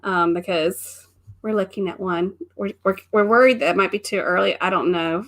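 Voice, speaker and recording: A woman's voice: medium pitch, moderate pace, fairly bright tone. A middle-aged woman co-hosting a casual live stream, greeting viewers by name and laughing often. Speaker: co-host of a live travel stream.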